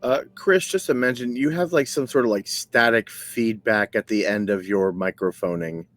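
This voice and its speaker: A man's voice: fairly low pitch, normal speed, soft background music. A man chatting casually as a player in a tabletop game, joking and teasing. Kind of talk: casual chat.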